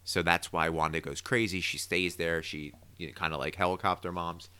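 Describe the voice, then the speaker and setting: A man co-hosting a podcast, casually recapping a TV episode with opinionated, animated theorizing. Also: low-pitched, fairly quick, smooth, no room sound. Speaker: podcast co-host.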